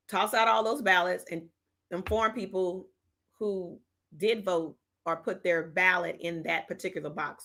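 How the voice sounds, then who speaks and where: A woman with a fairly low, somewhat bright voice hosts a laid-back political livestream. She takes viewer chat messages and answers them bluntly and sassily, peppering her slang with "child," "honey," and "okay?"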